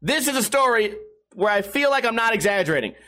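A man in his thirties casually telling a profane, animated story as a streamer. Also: high voice, quick pace. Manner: animated, profane, laughing through stories.

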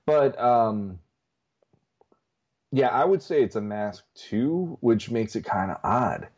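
A man's voice: medium pitch, animated, takes it slowly, darkish tone, slightly rough, lo-fi sound. A man co-hosting a casual podcast, rambling through his answers and laughing often. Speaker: podcast co-host. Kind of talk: casual chat.

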